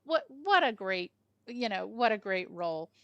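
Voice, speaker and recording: A woman chats her way through a film review over a video call, wandering into asides and fillers. Her pitch sits in an ordinary middle range. The sound is dry and close. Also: big pitch swings, unhurried, a bit bright, no echo, highs cut off. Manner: chatty, rambling, with many asides and fillers. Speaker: film club host. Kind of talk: casual film review chat.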